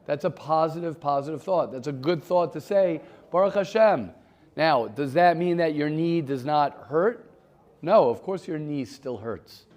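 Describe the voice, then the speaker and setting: A man's voice: on the high side, normal speed, darkish tone. A man giving an informal Torah class in a conversational way, often repeating phrases and taking questions from students.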